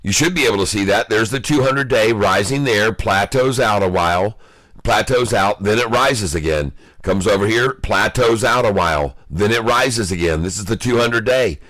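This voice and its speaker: A man giving live day-trading commentary, excitable and taunting, calling out prices and addressing viewers as folks. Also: on the low side, normal speed, dry recording. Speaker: stock day-trader streaming live.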